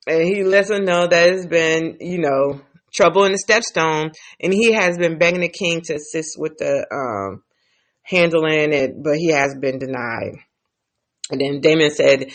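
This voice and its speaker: A woman's voice: sits low, unhurried. A woman casually recapping TV episodes, chatty and profane, laughing as she tells the story. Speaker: TV recap vlogger.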